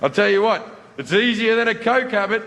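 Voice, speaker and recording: A man delivering dry, deadpan stand-up punchlines. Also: sits high, fairly quick. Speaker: stand-up comedian. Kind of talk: stand-up comedy routine. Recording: roomy hall recording, loud crowd and noise.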